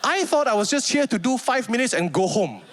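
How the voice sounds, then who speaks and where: A male stand-up comedian with a Malaysian English accent tells a story to a live crowd. His voice sits high and swings widely from line to line, and he jumps into quick impressions of the people he meets. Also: slight background noise. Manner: animated, acts out other people's lines in character. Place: stage before a live audience.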